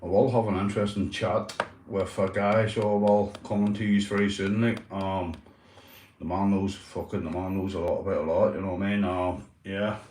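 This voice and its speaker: A Northern Irish man hosts a loose, casual livestream, chatting with viewers, addressing them by name and swearing constantly. His voice is deep and darkish, with fairly even intonation and a moderate pace. He sits a little away from the mic in a roomy, echoing space, with slight hiss or hum.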